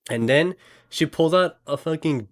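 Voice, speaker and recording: A man's voice: on the high side, a little slow. A young man in casual chat, telling a dream with lots of fillers and acted quotes. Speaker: storyteller.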